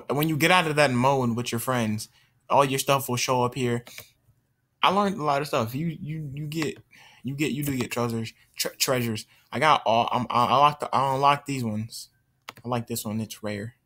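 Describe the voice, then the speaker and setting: A man's voice: mid-range voice, a bit bright. A man giving casual, rambling commentary over his own gameplay, recorded on a computer mic. He talks in stop-start bursts, trails off mid-sentence and mutters curses at the game. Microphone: computer mic while screen recording.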